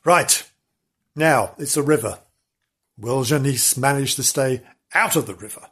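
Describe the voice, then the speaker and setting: Husky, theatrical male storyteller. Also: medium pitch, measured pace, fairly bright tone. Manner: theatrical and melodramatic, hamming up the gore. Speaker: podcast host and storyteller. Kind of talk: comic ghost-story telling.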